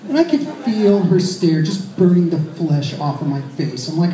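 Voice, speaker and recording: A man's voice: on the high side, sing-song, moderate pace, hardly any pauses, mellow. A man in his thirties telling a crude, self-mocking story as a stand-up comedian. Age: 30s. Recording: roomy echo.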